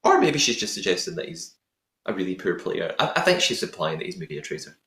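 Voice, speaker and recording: A man's voice: sits low, very animated, fast talker, bright, forceful tone. A man hosting a podcast, recapping a reality show episode in casual chat. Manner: chatty, laughs at own attempted accent. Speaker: podcast host. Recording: echoey room.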